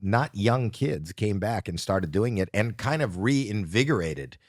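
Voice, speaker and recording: Low-voiced host in his 60s chatting. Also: animated, unhurried, no echo, clean studio sound. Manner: chatty, encouraging, asks follow-up questions. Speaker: talk show host. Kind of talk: casual interview chat.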